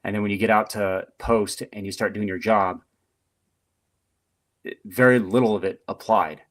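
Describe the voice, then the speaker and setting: A middle-aged man with a fairly low voice tells stories from his service years as a podcast guest. His delivery is chatty and animated, loose with fillers. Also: moderate pace. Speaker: podcast guest, retired Marine. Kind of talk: casual storytelling interview.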